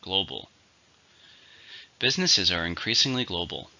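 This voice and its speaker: A man's voice: fairly low pitch, sing-song, measured pace, sharp tone. A man teaching an English vocabulary lesson, going methodically through each word's syllables and stress. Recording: dull lo-fi recording.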